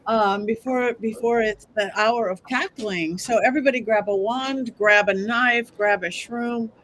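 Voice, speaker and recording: A woman's voice: a little high, a little slow, a bit bright, slight background noise. Bubbly woman podcast host. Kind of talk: casual chat.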